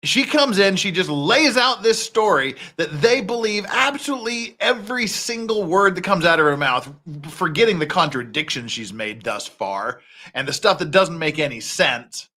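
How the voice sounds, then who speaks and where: In a high-pitched voice at a moderate pace, this commentary host reacts with a heated, profanity-filled rant. His delivery is animated throughout.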